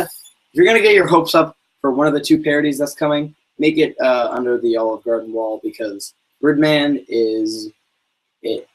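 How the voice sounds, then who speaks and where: Young male streamer, husky voice, rambling mock-serious joker, mid-range pitch. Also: rough recording. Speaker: channel host. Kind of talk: casual livestream chat.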